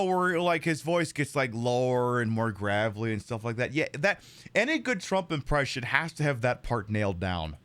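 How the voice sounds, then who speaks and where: A man's voice: medium pitch, very animated, normal speed, fairly bright tone. A man live-streaming a horror game, rambling, jokey and profane as he chats. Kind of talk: casual live-stream commentary.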